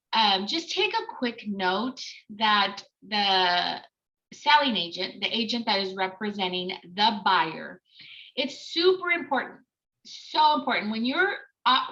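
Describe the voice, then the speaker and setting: A woman giving a webinar training on escrow and title, talking quickly and excitedly with many ums and uhs. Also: medium pitch. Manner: fast, excited talk with many fillers. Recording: slightly dull lo-fi webinar audio.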